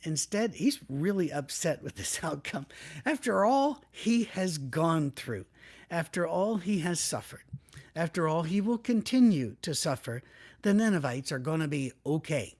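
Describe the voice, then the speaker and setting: Male pastor with a slightly higher voice who preaches conversationally and plays out his quotes. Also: animated, measured pace, a little mellow. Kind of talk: sermon.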